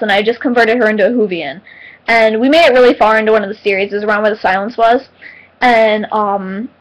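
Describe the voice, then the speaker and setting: A teenage girl answering viewer questions in a casual vlog, chatty and giggly with lots of ums and excitable retellings. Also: fairly high pitch, rough recording. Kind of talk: casual chat.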